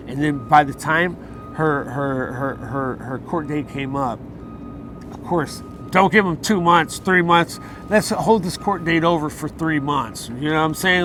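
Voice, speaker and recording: Heated, profane man telling his story outdoors. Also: fairly high pitch. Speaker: interviewee. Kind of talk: casual street interview. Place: outdoors in a city. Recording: outdoor street noise.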